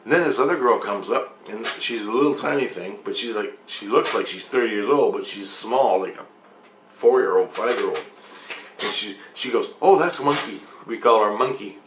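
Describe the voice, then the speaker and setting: A man's voice: fairly low pitch, moderate pace. A man recounting a strange dream in a rambling, repetitive way, swearing freely as he tells it. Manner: repetitive, profane, excitable retelling. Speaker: dream storyteller. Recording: roomy echo with faint ambient noise.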